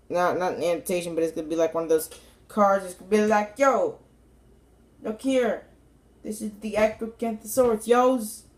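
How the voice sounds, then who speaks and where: A woman casually reviewing a toy to camera in a playful, rambling way, joking with the viewers and even talking to the toy. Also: lowish voice.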